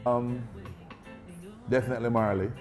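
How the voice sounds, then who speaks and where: A man talking casually as an interview guest, relaxed, full of fillers, and quick to laugh. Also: medium pitch, faint music behind.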